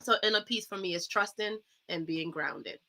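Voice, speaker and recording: A woman speaks with a bright, forceful voice and tells her story in an animated, uplifting way. She is an earnest guest on a casual talk show. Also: medium pitch, normal speed. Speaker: guest dancer.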